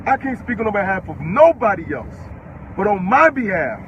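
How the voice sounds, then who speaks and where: Furious, profane, high-voiced young man. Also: very animated, moderate pace, highs cut off, slight background noise. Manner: furious, profane, repeating himself. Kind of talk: angry livestream rant.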